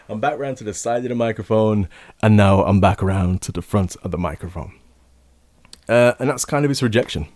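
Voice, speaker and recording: Up close on a large condenser studio mic at his home setup, a young man chats enthusiastically and ramblingly about microphones in a casual gear review. His voice sits on the low side with a darkish tone, he talks a little fast, and there's no room sound.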